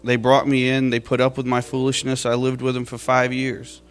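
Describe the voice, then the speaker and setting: A man's voice: medium pitch, monotone, moderate pace, clear, resonant tone, faint music behind. Heartfelt man giving church testimony. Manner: heartfelt, tearful at times, laughing at his own story.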